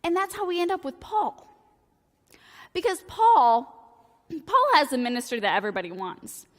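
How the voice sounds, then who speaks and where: A woman's voice: high-pitched, very animated, normal speed, in a large hall. A woman preaching a sermon in a church, casual and joking, peppering her talk with "like". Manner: casual, joking, talks in valley-girl-like "like" phrasing. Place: church sanctuary.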